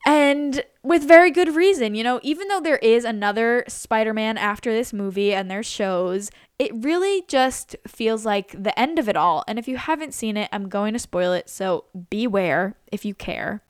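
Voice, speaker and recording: A twenty-three-year-old woman vlogger chats casually, gushing about what she's watched and saying "like" and "literally" constantly. Her voice is on the high side, at normal speed with few pauses, smooth, in a clean, dry studio recording.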